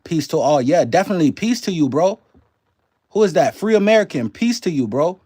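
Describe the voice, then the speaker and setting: A man's voice: on the high side, expressive, a little fast, warm tone, husky. A man with a mixed New Orleans and Canadian accent hosting a live stream, loose and chatty, swearing freely and greeting viewers by name. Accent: mix of New Orleans and Canadian. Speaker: livestream host. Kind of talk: casual live-stream commentary.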